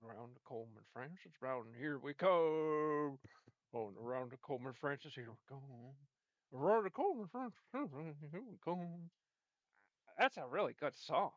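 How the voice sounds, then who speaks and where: A man's voice: fairly high pitch, pushed and bright, no echo. A man giving rambling, playful commentary over a video game, sometimes singing snippets. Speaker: game streamer. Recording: dull lo-fi dry sound.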